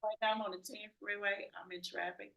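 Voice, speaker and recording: A woman's voice: mid-range voice, little pitch movement, a little fast, creaky, fairly bright tone. A woman telling a story in a group talk, acting out both sides of a phone call. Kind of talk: casual group chat, storytelling.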